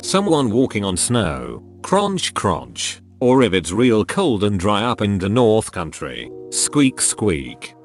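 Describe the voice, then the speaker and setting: A man narrating forum posts aloud in an even, mechanical read-through, spelling out letters as written. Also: on the low side, measured pace, few pauses, faint music behind. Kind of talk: scripted narration.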